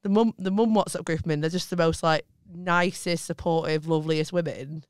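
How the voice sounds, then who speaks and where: A woman's voice: low-pitched, fairly even intonation, a little fast, no room sound, clean studio sound. A female comedian on a podcast, chatting and laughing while reflecting on friendships. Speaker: comedian guest. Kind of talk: casual chat.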